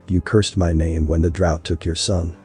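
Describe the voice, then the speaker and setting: A man's voice: little pitch movement, normal speed, darkish tone, soft background music. A man voicing a proud, wrathful male creator god who speaks in a grandiose, archaic way, in a story reading. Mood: indignant. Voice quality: deep husky voice.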